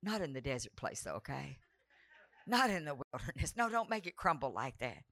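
A woman's voice: low voice, very animated, normal speed, a bit bright, dry recording, studio quality. A woman preaching a revival sermon, telling a personal story with dramatic flair and acting out the dialogue. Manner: dramatic, breaks into sung prayer, acts out quoted dialogue.

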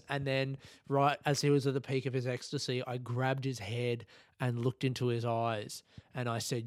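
A man's voice: mid-range voice, level tone, normal speed, no echo, clean studio sound. A man, a comedian, talking on his own podcast, rambling and swearing and laughing at his own jokes. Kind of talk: solo podcast monologue.

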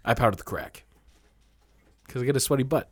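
A man's voice: medium pitch, a little fast, breathy edge, no echo. A man co-hosting a podcast, rambling and joking in casual comedic chat. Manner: rambling, lots of "like" fillers, jokey. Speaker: podcast co-host.

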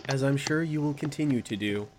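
A man's voice: mid-range voice, a little fast, background noise, close to an everyday voice. A man voicing a smug demon patron. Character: female winged horned demon patron, smug.

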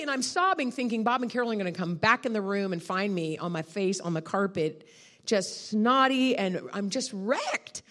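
Woman preacher, animated storytelling voice, highish and very expressive; sermon delivery. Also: moderate pace. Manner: animated storytelling, laughing and shouting. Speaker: guest speaker preacher.

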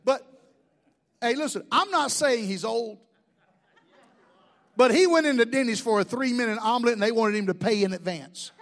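Middle-aged male pastor with a very high voice, a folksy preacher who jokes and quizzes his congregation. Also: normal speed, long pauses, a bit bright. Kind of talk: sermon.

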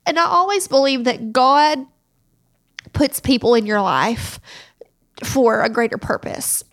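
A woman's voice: high voice, expressive, measured pace, long pauses. A woman, co-hosting a podcast, telling a personal story while crying and sniffling. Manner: tearful, storytelling with quoted voices. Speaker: podcast co-host. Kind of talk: emotional personal podcast talk.

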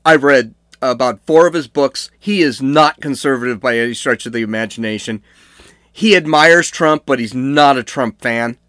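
A man's voice: mid-range voice, normal speed, fairly bright tone, dry recording, clean studio sound. A man hosting an opinionated commentary show, arguing his point through repeated rhetorical questions. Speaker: political commentary host.

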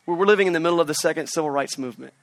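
A pastor preaching an outdoor sermon, telling the story with animation and acting out the quotes. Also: male voice, on the high side, rapid-fire, no echo. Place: outdoors in a park.

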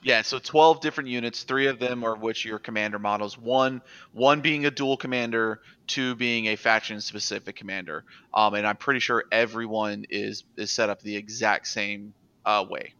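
Easygoing man, bright lowish voice. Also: steady tone, normal speed, few pauses, clear, resonant tone, lo-fi sound. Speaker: podcast co-host. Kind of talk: casual chat.

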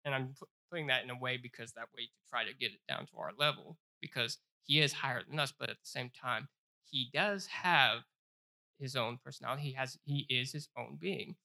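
Man, Bible study teacher, bright voice, earnest, repeats himself and slows down for scripture. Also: medium pitch, creaky. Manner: earnest, repeats phrases, stumbles and restarts; reads scripture aloud with slow emphasis.

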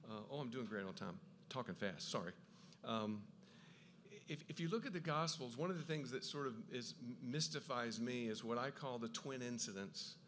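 A man giving an enthusiastic Bible talk, with quick asides and frequent restarts as he explains. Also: medium pitch, animated, a bit bright, slight background noise. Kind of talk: lively lecture on the Gospels.

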